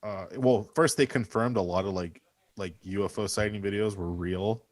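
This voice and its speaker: A man's voice: fairly low pitch, normal speed. A young man co-hosting a podcast, rambling through casual chat with fillers and swearing. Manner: rambling, filler-heavy, profane. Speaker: podcast co-host.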